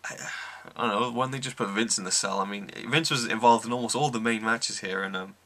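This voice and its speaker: A man's voice: lowish voice, steady tone, fast, pushed and bright. A man giving an enthusiastic, rambling wrestling review, full of ums. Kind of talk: casual review monologue.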